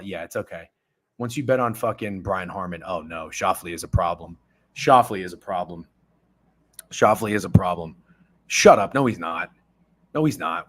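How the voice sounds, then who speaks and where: A man hosting a casual sports betting talk show, ranting and swearing. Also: low voice. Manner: profane, ranting, animated. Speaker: podcast host.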